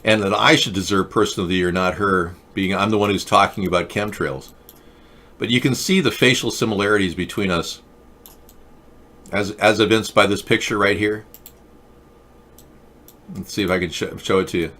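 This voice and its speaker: A middle-aged man hosting a talk show, delivering a rambling, mock-earnest monologue with a deadpan touch. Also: on the low side, moderate pace, long pauses.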